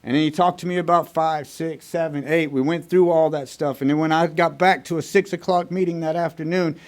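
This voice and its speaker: Man from Texas, somewhat higher voice, blunt and profane storyteller at a group meeting. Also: fairly even intonation, brisk, a little mellow. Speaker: recovery meeting speaker. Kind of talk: personal recovery story told to a meeting. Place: recovery group meeting room.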